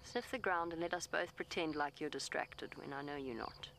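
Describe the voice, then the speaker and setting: With a deep, creaky, slightly bright voice at normal speed, a woman safari guide talks to camera live from her vehicle outdoors over slight background noise. She soothes and pleads with an elephant, describing what it's doing in a matter-of-fact way.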